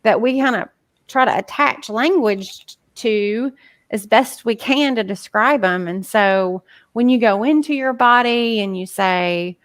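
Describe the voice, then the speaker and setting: A woman's voice: fairly high pitch, a little slow, no echo. A woman talking casually on a podcast as a guest coach, chatty and full of filler words. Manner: chatty, many "like" fillers, acts out inner voices.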